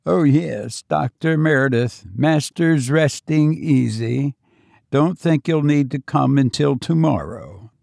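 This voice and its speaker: A frail, devoted old servant, as a male narrator puts him on, speaks in a quivering voice. He sounds slow and careful in a storybook tale. The sound is dry and close. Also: a little high, lively intonation, gravelly, a little mellow, no room sound, heavily acted. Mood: anxious.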